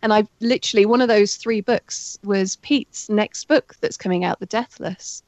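A woman getting over a heavy cold, talking as a guest in a casual interview over a remote call, chatty and excitable and laughing often. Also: medium pitch, moderate pace, no room sound. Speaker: guest, author and audiobook narrator.

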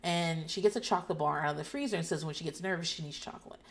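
A woman's voice: low-pitched, racing. A woman recapping reality TV in casual chat, sardonic and profane, laughing often. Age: adult parent. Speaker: podcast host.

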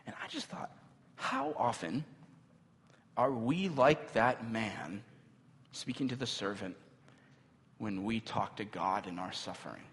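A man preaching in a large hall where his voice rings out with a long reverb. His pitch swings widely as he tells a story, then he turns to the congregation with asides. He sounds like a pastor in his thirties. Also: normal speed. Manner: animated storytelling with asides to the audience. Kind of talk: sermon. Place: church hall.

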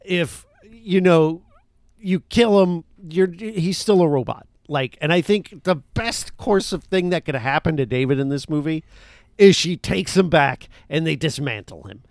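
A man's voice: a little high, lively intonation, unhurried, dry recording. A man co-hosting a casual film podcast, talking in an enthusiastic, rambling way with many fillers. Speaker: podcast co-host.

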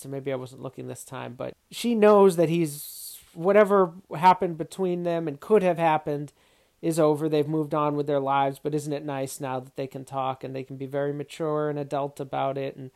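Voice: mid-range voice, a little mellow. A film reviewer talking casually through a movie's story, reflective and thinking aloud with occasional restarts. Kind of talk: casual spoken film commentary.

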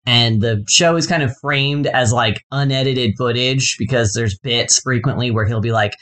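A man with a mid-range voice recapping a TV show for a podcast. He talks in a relaxed, unhurried way, full of "um" and "like.". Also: medium pitch. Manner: relaxed, summarizing, filler-heavy. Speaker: podcast co-host. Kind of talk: casual chat and show recap.

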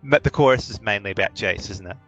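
A man's voice: lowish voice, fast, fairly bright tone, breathy edge, highs cut off, soft background music. A man narrating as game master of a tabletop game, hesitant, with many ums and uhs.

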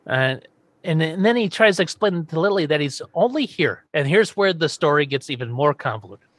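Animated man recapping an old sitcom. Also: fairly high pitch, brisk, dry recording. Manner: animated, laughs often, quotes characters. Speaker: podcast host. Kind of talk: casual chat recapping a TV episode.

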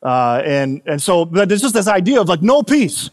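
Chatty pastor in a reverberant hall. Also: male voice, high voice, sing-song, a little mellow. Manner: chatty, laughing asides, frequent "right?" tag questions; slows down and lifts his voice for scripture readings. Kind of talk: casual conversational sermon.

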